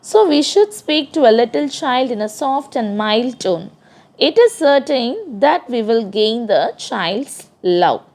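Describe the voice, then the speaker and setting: A woman teacher with an Indian English accent, reading a poem aloud to a class and explaining it line by line, defining the words. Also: on the high side. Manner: reads verses then paraphrases and defines words.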